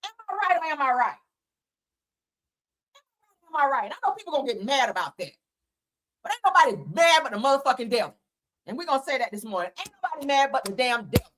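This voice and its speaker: A woman's voice: sits high, very animated, fast talker, long pauses, a bit bright. Fired-up, profane woman gossip host. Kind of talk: casual gossip commentary.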